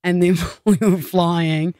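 A woman's voice: fairly low pitch, takes it slowly, no echo, clean studio sound. An Australian woman co-hosting a radio show, telling an anecdote in casual banter and laughing as she goes. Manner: animated storyteller, laughing through her own anecdote. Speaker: radio co-host.

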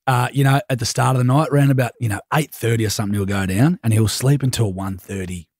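Young aussie radio co-host, husky voice, dry close sound, animated yarn-teller. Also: male voice, medium pitch, quick pace, no room sound. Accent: Australian. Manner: animated storyteller, joking. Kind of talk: casual on-air chat.

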